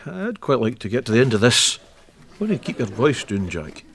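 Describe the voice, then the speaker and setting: A man's voice: mid-range voice, sing-song, a little fast, fairly bright tone. An actor with a Scottish accent playing an irritable old man who lectures and grumbles, in a sketch comedy. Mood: exasperated. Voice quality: exasperated, grumbling. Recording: background noise.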